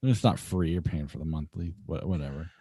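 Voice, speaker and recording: A man's voice: a bass voice, fairly quick, mellow, breathy edge, no room sound. A man co-hosting a movie review podcast, talking casually in a laid-back way with some hesitation. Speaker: podcast co-host, movie critic.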